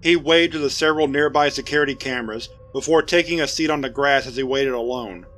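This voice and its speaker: A man narrating a scripted horror story in a steady, even storytelling voice. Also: mid-range voice, quick pace, slight background noise. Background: faint music.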